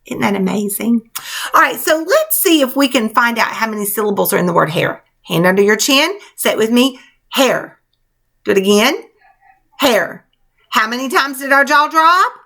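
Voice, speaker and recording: In a patient, sing-song classroom manner, a woman teacher coaches young children through spelling. Her voice is a bit high, animated, creaky, and fairly bright, and she keeps a moderate pace.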